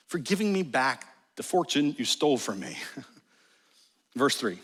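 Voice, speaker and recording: A man preaching a sermon in a church, animated and jokey, with sudden exclamations. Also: mid-range voice, a little slow, breathy edge. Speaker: pastor. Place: large church sanctuary. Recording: long church hall reverb.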